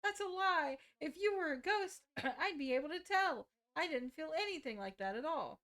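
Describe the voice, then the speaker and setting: A woman's voice: high-pitched, sing-song, fairly quick. Woman reading as a brash fiery teen heroine. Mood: defiant. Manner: brash, scolding. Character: fiery teenage girl shrine maiden heroine. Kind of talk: reading game dialogue aloud.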